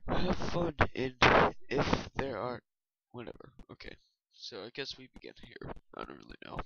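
A man's voice: medium pitch, huge pitch swings, normal speed, gravelly. A man giving rambling, hesitant let's play commentary with lots of fillers, on a dull lo-fi recording with noise and mouse clicks. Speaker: gamer.

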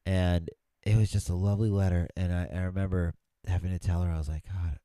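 A man's voice: deep voice, level tone, brisk, dark tone, smooth, no room sound, studio quality. A middle-aged man co-hosting a podcast, telling rambling stories in casual chat and swearing freely. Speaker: podcast co-host.

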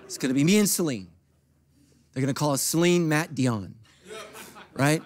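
Animated preaching pastor, man. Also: on the high side, moderate pace. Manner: animated preaching with big swings from soft to loud; humorous asides to the congregation. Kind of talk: sermon.

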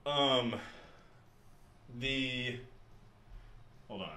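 Young man, livestream chat, swearing, bright, slow, echoey room. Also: medium pitch, expressive, slight background noise. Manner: profane, talks to chat between rounds. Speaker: streamer. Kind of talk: casual livestream chat while playing. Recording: roomy echo.

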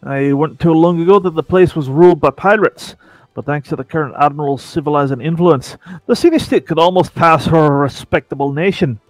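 A worldly, rough-talking male sea adventurer drawls his folksy lines, put on by a man reading game dialogue. The voice sits a little high and sounds dry and close, with faint music underneath. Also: a little fast, no room sound, natural voice. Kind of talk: voicing game dialogue in a Let's Play.

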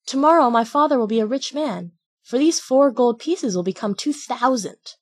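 A woman voicing Pinocchio, a naive and stubborn wooden puppet boy, with a husky voice. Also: a little high, expressive, normal speed, pitched above the performer's own voice. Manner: insistent, stubborn.

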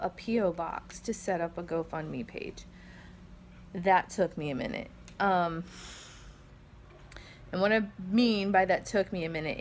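Middle-aged woman vlogging from home, shaky and emotional, rambles a lot, um's and restarts, mid pitch, faint noise in the back. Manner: earnest, rambling, many fillers and restarts. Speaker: vlog host. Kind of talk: casual heartfelt talk to camera. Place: family home with kids around.

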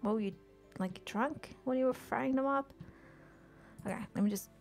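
A woman's voice: sits high, moderate pace, gravelly, a little mellow, soft background music. A woman chatting casually while streaming a game, swearing freely, talking to game characters and often dropping to a whisper. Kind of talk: casual live-stream chat while gaming.

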